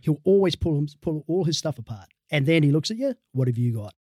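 A man's voice: on the high side, expressive, quick pace, a little mellow, no echo, clean studio sound. An Australian man, a sports team's head of performance, telling rambling stories in a casual interview and laughing at his own tales.

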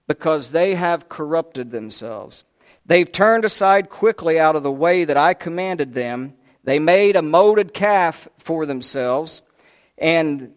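A man voicing God as furious and commanding while retelling a scripture story. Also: a little high. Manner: loud commanding outbursts. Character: angry God, male, booming and fed up.

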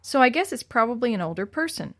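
A woman's voice: a little high, very animated, fast talker, no room sound. Storybook boy, eager and earnest, read by a woman; dry, close sound. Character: eager boy who uses a wheelchair.

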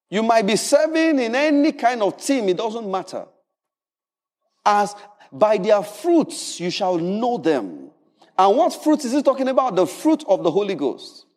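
A man preaching a sermon in an animated, humorous way, often repeating words. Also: high voice, long reverb tail. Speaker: pastor.

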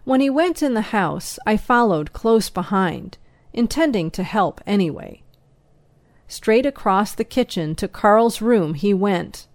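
A woman reading a first-person story aloud as an audiobook narrator, slow, even and measured. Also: medium pitch, no echo.

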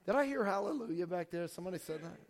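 A male pastor preaching a sermon with a strained, hoarse voice, casual and joking, with many fillers and restarts. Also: sits high, expressive, racing. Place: church hall before a congregation. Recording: long hall reverb.

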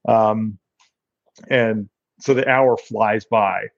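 A man's voice: fairly low pitch, steady tone, very slow, vocal fry, no room sound. A man co-hosting a casual fitness podcast who rambles through his stories and laughs at them. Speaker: podcast co-host. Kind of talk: casual chat. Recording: dry, dull lo-fi sound.

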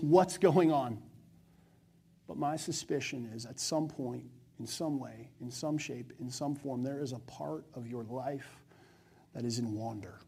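Passionate high-voiced male pastor preaching. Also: vocal fry, slightly rough. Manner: passionate, swings from loud to hushed. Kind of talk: sermon.

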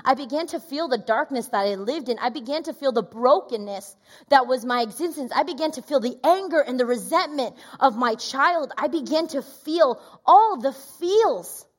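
A woman pastor in her thirties preaching a sermon, telling a personal story in an animated way and acting out the quoted voices. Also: high voice. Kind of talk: sermon testimony.

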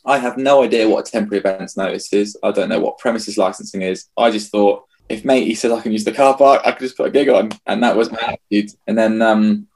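Husky man telling lively anecdotes. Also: lowish voice. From England. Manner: lively anecdotal, acts out his own past lines. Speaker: festival founder. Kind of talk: storytelling interview.

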